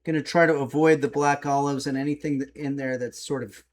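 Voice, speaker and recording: Speaking briskly in a steady, medium-pitched voice, a man runs a casual cooking livestream in his home kitchen, with slight background noise. He rambles easygoingly through viewer comments, leaning heavily on fillers.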